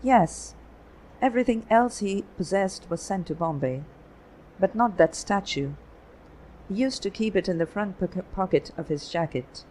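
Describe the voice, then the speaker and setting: An audiobook reader voicing a friendly, bearded foreign male photographer of about thirty, speaking in a polite, measured way. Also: mid-range voice, lively intonation, darkish tone, slight background noise, lightly acted, low-quality recording. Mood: puzzled. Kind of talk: audiobook reading.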